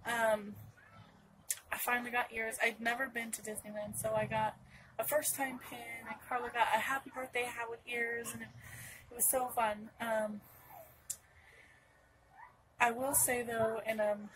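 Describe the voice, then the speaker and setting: Young woman from norcal rambling thru a story on her vlog, kinda high voice, bit of faint noise behind. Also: level tone, unhurried, pauses often, a bit bright, rough recording. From Northern California. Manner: rambling, with many restarts and asides. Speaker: vlogger. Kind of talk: personal storytelling to camera.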